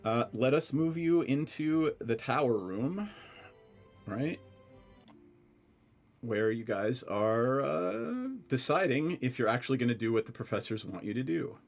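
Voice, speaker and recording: A man from Scranton, Pennsylvania, narrating as game master of a tabletop game, playful and halting with many fillers. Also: medium pitch, expressive, creaky, faint music behind.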